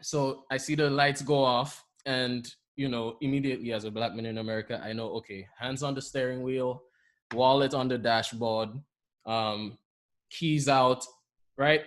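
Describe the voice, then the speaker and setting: A man's voice: mid-range voice, fairly even intonation, moderate pace. A man from Saint Lucia with a Saint Lucian accent, telling stories animatedly in a casual podcast chat and often laughing as he talks. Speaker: podcast co-host.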